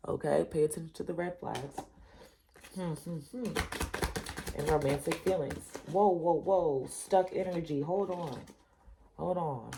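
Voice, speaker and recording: Slight background noise accompanies a tarot reader whose deep voice is gravelly yet warm. In her casual, direct reading she addresses "you" and "y'all," going over her points again and again with emphasis and reassurance.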